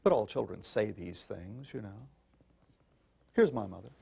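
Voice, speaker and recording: An older man lectures a room of parents with a gravelly, rough-edged voice. His pitch swings widely as he presses each point, in a folksy and insistent manner, turning to the audience as folks. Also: expressive, unhurried, pauses often, warm tone. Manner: emphatic, folksy, addresses listeners as folks. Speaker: parenting speaker. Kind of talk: public talk to an audience.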